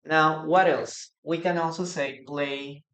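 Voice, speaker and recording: A man's voice: a little high, fairly even intonation, takes it slowly, a bit bright. A man with a Peruvian Spanish accent, a native Spanish speaker, teaching a live online English lesson, repeating phrases for practice and answering viewers' comments.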